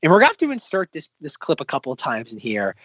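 A man's voice: on the high side, wildly swooping pitch, fast, a bit bright, slightly rough, dry recording. A man co-hosting a podcast in casual chat, rambling with lots of restarts. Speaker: podcast co-host. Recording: slightly dull, lo-fi recording.

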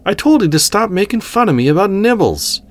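A young female Jedi apprentice, whiny and quick to complain, as a man puts her on. The voice is pushed up well above his own low register. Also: sing-song.

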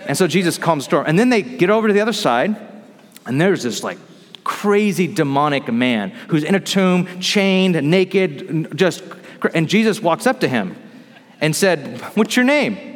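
A man preaching a sermon, retelling a scripture story in animated fashion and acting out the characters' lines. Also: on the high side, in a large hall. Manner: animated storytelling, acts out dialogue. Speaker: pastor.

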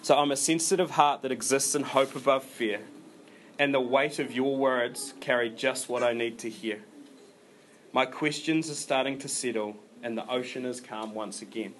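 Male preacher, mid-pitched, loose and chatty, lots of ums and restarts, faint room hum. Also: steady tone, normal speed. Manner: informal, rambling delivery with many fillers and restarts. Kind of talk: conversational sermon.

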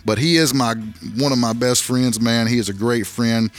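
A man's voice: mid-range voice, fairly even intonation, normal speed. A man hosting a podcast in a makeshift studio, talking in a folksy, rambling way. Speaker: podcast host. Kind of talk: casual chat.

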